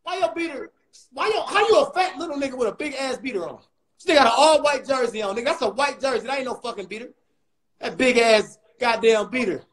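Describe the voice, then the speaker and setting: A man hosting a comedy livestream, throwing loud, mocking, profane insults at another guy. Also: very high-pitched, fast talker, poor audio. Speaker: comedian host.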